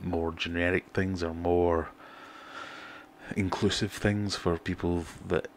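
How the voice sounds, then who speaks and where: A middle-aged British man hosting a relaxed livestream, chatting and reading out viewer comments in a self-deprecating way. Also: low-pitched, slow pace, slight background noise. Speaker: fishkeeping livestream host. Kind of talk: casual livestream chat.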